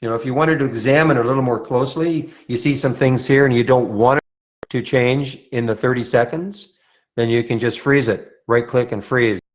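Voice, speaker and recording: Montreal guy hosting a trading room q&a, loose and chatty, lots of restarts, mid pitch. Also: fairly even intonation, moderate pace. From Montreal, Canada. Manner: conversational, answers viewer questions with restarts.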